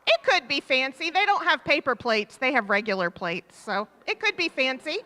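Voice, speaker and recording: A woman leading a children's time in a church service, asking the children questions and warmly repeating their answers, speaking into a microphone in the sanctuary. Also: high-pitched, very animated, normal speed. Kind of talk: interactive children's talk with questions. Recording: reverberant church hall.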